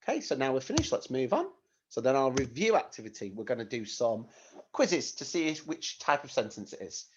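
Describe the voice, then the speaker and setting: A man's voice: medium pitch, big pitch swings, a little fast, a little hiss or hum. A male teacher giving a recorded lesson to young children, explaining patiently and asking them questions. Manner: patient, clear instructions to children with rhetorical questions. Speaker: primary school teacher. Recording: dull lo-fi recording.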